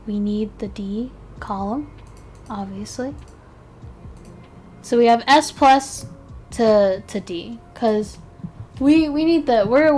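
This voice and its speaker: A woman's voice: a little high, darkish tone, slight background noise. A tired woman streaming casually, chatting and mumbling to herself as she works, with a self-deprecating manner. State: tired, yawning. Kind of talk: casual live-stream chat.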